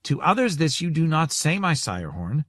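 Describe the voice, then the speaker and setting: A man's voice: on the high side, sing-song, normal speed, fairly bright tone, dry recording, voice pushed up. A man reading an audiobook, voicing a portly, breathless older innkeeper who gasps and speaks in inverted word order. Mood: gasping. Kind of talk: audiobook character voice.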